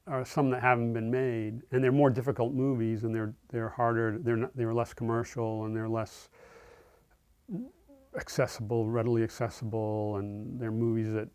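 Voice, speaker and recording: Middle-aged male speaker; chatty, self-correcting lecture anecdotes, midrange pitch. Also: little pitch movement, moderate pace, darkish tone, smooth. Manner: conversational, self-correcting, amused. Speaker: screenwriter giving a lecture.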